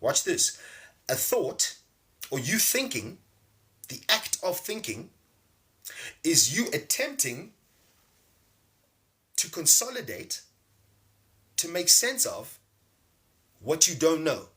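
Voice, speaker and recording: A man's voice: on the high side, huge pitch swings, slow pace, pauses often, pushed and bright. A man giving a casual spiritual talk on a livestream, reading out viewers' names and often asking "see?" to press his points. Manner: loose, emphatic, keeps asking "see?". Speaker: spiritual teacher and livestream host. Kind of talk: casual livestream teaching with chat shout-outs.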